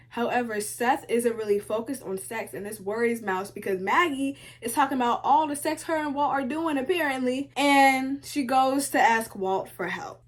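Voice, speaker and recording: A young woman recapping a TV show in casual commentary, sassy and animated, talking back to the characters. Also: fairly high pitch. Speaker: video essay host.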